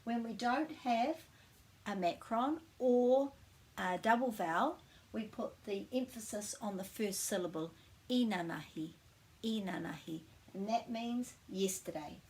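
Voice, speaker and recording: A woman with a New Zealand accent giving a casual language lesson, friendly and slowing down to model each word. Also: fairly high pitch, darkish tone. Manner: friendly, slows down to model pronunciation. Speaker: language teacher.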